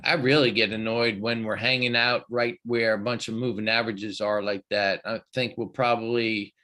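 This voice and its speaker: A man's voice: fairly low pitch, level tone, moderate pace, bright, forceful tone. A man hosting a live trading show, chatty and folksy as he walks through stock charts. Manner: folksy, chatty, loose with fillers. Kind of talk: live market commentary.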